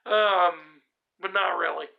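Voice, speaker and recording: A man tells a story from his own life straight to camera, rambling and unhurried, full of ums and restarts. His voice has a gravelly, creaky edge. The recording sounds dull and lo-fi. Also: high-pitched, fairly even intonation. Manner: rambling, laid-back, many fillers and restarts. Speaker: vlogger.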